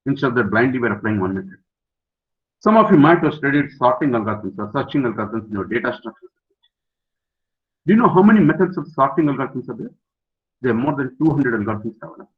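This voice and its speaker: An older man, a professor giving a webinar lecture to students, emphatic, repeating key words and putting questions to his audience. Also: medium pitch. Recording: dull lo-fi webinar audio.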